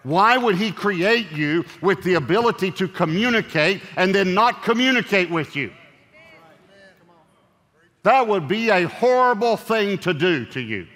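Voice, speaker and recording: A man preaching a sermon as pastor, animated and joking, swinging from loud punchy lines to hushed earnest ones. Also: sits high, unhurried, long reverb tail.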